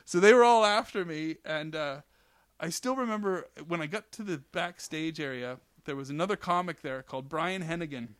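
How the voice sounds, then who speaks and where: A middle-aged comedian with a high, bright, forceful voice, telling an animated story on a podcast. He slips into quick impressions of the people in it. The sound is dry and close. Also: smooth, no room sound. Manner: animated storyteller, acts out quotes. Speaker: comedian co-host. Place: studio couch.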